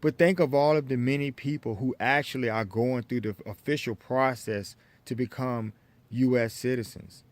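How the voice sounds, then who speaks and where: Lecturing American man, halting restarts. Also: mid-range voice. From United States. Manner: lecturing, repetitive restarts, addresses viewers as folks. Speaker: vlogger. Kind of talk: opinion monologue to camera.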